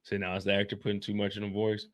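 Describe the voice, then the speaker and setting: A man's voice: on the low side, completely flat delivery, racing. A young man hosting a live stream, talking loosely in a chatty, casual way and repeating "like" and "you see what I'm saying". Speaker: streamer reviewing a TV episode.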